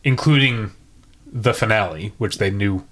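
A man's voice: on the low side, unhurried, a bit bright. A man co-hosting a casual podcast, chatting through a sitcom episode, laughing easily and quoting lines. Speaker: podcast co-host. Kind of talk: casual TV recap chat.

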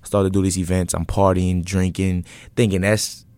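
A man in his twenties telling his story in an interview, earnest and relaxed, with many fillers and restarts. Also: sits low, normal speed, dry recording. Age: 20s. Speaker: interview guest, entrepreneur.

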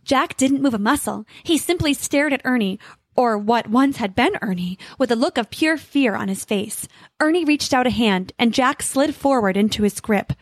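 A woman narrating a fantasy story in an expressive, clear reading. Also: a little high, moderate pace, dry recording.

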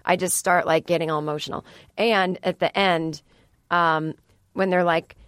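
A woman's voice: fairly low pitch, steady tone, moderate pace, clear, resonant tone, no room sound. A woman hosting a podcast in a studio, chatting in a rambling way with sarcastic asides. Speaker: podcast host. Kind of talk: casual solo podcast chat. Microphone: studio microphone.

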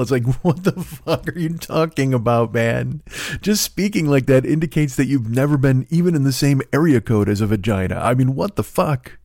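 A middle-aged comedy podcast host rants with profanity, exasperated and scoffing. His expressive voice is at an ordinary male pitch with a darkish tone and moderate pace. The recording is close and dry.

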